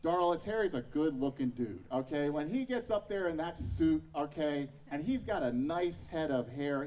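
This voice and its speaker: A man's voice: fairly high pitch, a little mellow, distant mic, slight background noise, poor audio. A man in his thirties preaching a sermon as pastor, telling personal stories with self-mocking humor. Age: 30s.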